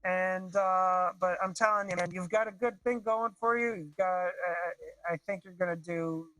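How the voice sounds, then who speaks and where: A man's voice: high-pitched, steady tone, normal speed, sharp tone, poor audio. A man calling in to a video show, talking enthusiastically with a nasal, congested voice. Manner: enthusiastic, effusive. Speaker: caller. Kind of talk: casual video call chat. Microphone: video call.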